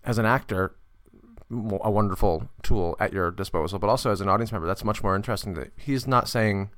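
A man's voice: lowish voice, brisk, no echo, clean studio sound. A man co-hosting a podcast, casually retelling a play scene and acting out bits of dialogue. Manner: lively storyteller, acts out quotes. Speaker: podcast co-host. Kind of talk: casual chat.

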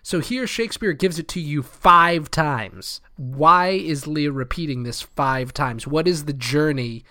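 A man's voice: on the high side, unhurried, few pauses, bright, forceful tone. A man co-hosting a casual theatre podcast, explaining a Shakespeare scene in a conversational way. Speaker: podcast co-host.

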